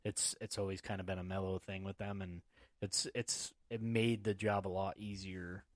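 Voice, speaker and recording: A man in casual podcast talk, cursing his way through rowdy stories. He jumps into loud, shouted impressions of the people in them. The sound is dry and close, with no room echo. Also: sits low, normal speed. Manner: profane, animated storytelling with shouted impressions. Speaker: podcast host. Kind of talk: casual chat.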